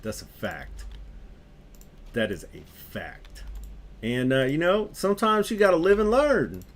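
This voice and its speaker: A man's voice: a little high, wildly swooping pitch, measured pace. A young adult man on a gaming stream, casually telling a story while he plays, laughing often and talking in loose slang.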